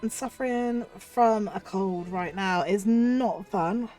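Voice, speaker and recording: A woman streamer with a cold chats casually and effusively to her viewers. Her voice is husky from the cold. Faint music plays in the background. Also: mid-range voice, slow. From United Kingdom. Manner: chatty and effusive, thanks viewers warmly. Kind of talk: casual livestream chat.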